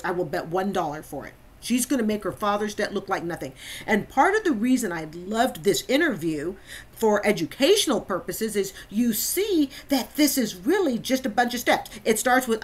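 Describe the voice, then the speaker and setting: A woman's voice: fairly high pitch, big pitch swings, moderate pace. A woman hosting a reaction commentary, emphatic and repeating phrases for stress. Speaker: host.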